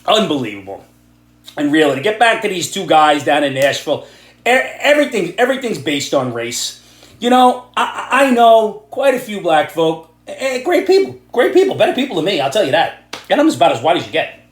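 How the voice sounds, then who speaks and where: A man's voice: high-pitched, sing-song, a little fast. Ranting, sarcastic middle-aged man. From Ireland. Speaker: vlogger ranting about the news. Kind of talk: angry political rant vlog. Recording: echoey room.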